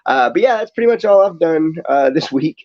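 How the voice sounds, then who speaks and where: Laid-back young dad, slightly muffled. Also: male voice, on the high side, animated, brisk, a little mellow. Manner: laid-back, laughing, filler-heavy. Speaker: podcast co-host. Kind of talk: casual chat. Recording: slightly dull lo-fi audio.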